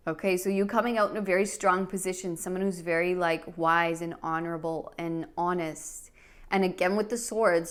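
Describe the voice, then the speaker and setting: A woman with a smooth, low-leaning voice gives a pick-a-card tarot reading. She speaks earnestly and emotionally, with many fillers and restarts.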